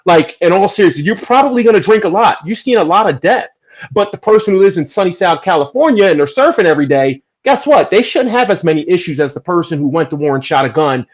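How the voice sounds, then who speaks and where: Man from new jersey, earnest and emphatic, casual podcast talk, slightly high voice, dull lo-fi audio. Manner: earnest, emphatic, preachy, rising to animated bursts. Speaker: podcast guest.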